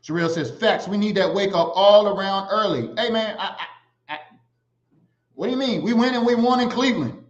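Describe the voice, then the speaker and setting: A man hosting a casual livestream, animated and giving shout-outs to viewers. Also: high-pitched, a little fast. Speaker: livestream host. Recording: echoey, slightly dull sound.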